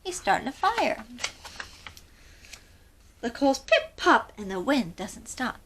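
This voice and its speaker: A woman's voice: high voice, very animated, slow pace, long pauses, fairly bright tone, a little hiss or hum. A woman hosting children's storytime, reading aloud expressively in a sing-song way and asking the kids questions. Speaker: storytime host.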